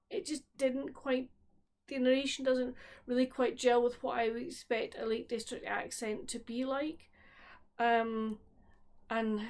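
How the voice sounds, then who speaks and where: A woman with a Scottish accent chatting casually about her week as a book vlogger, rambling and often breaking off to restart her sentences. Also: a little high. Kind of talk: casual chat. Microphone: solo camera recording at home.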